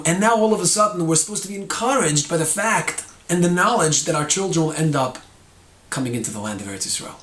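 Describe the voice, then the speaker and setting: A man's voice: on the high side, lively intonation, fast, a bit bright. Man giving a Torah lesson, echoey room. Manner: explanatory, demonstrates tones of voice. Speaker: Torah teacher. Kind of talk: short recorded lesson.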